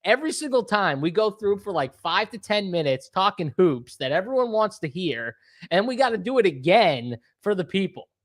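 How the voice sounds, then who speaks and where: A man's voice: high-pitched, sing-song, normal speed. A man hosting a casual sports betting show, joking and bantering loosely with his co-host.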